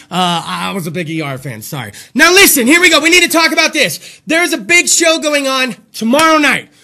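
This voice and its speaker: A man hosting a comedic live-stream talk show, loud, crude and rambling, a little out of breath. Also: extremely high pitch, gravelly. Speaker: podcast host.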